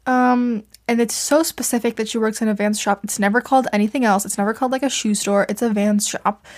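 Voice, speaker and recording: Talking fast in a slightly high voice with fairly even intonation, a young woman reviews fan fiction on her podcast. She rambles into a home mic she adjusts herself, self-deprecating and full of fillers and laughter.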